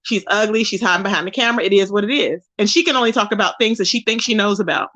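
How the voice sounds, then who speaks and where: A woman's voice: mid-range voice, racing, fairly bright tone. A woman hosting a casual livestream, reading chat aloud and roasting a rival in a sassy way, calling viewers baby and boo. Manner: drawls endearments like baby and boo. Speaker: livestream host.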